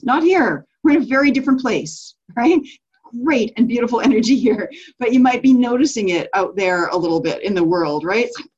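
A woman's voice: a little high, a little mellow, husky, highs cut off. A woman leading a business coaching group call, enthusiastic and affirming, laughing often as she talks.

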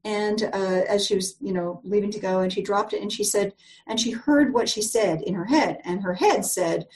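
Mellow-voiced woman coaching a group call. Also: medium pitch, normal speed, poor audio. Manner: chatty, warm storytelling with frequent fillers and restarts. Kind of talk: live group call teaching.

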